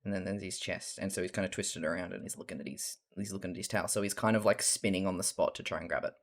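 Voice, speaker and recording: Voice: sits low, steady tone, fast talker. Mild-accented young Australian streamer. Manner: rambling, laughs often, swears casually. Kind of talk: casual chat while drawing on stream.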